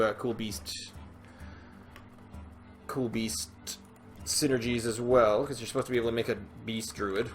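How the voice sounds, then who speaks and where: A man giving casual gameplay commentary as a video host, rambling, self-deprecating and thinking aloud with frequent fillers and restarts. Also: medium pitch.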